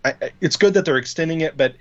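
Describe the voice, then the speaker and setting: A man's voice: fairly high pitch, racing. Man in casual tech chat, dull audio. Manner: rambling, explains with many fillers and restarts. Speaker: podcast co-host.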